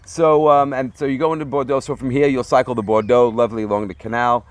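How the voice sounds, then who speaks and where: A man's voice: mid-range voice, level tone, quick pace, no echo. A man hosting a casual interview, asking prompting questions and agreeing often. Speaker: interviewer, show host.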